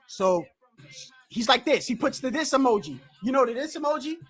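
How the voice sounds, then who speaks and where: Male boxing streamer, high voice, loose profane storytelling, rambles. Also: expressive, normal speed, breathy edge, faint music behind. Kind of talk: casual livestream storytelling.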